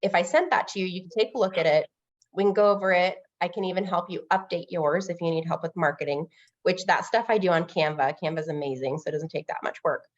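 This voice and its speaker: Talking fast in a fairly low voice, a female loan officer gives a lively, casual interview. She energetically performs quoted exchanges with clients, though the audio loses its high frequencies.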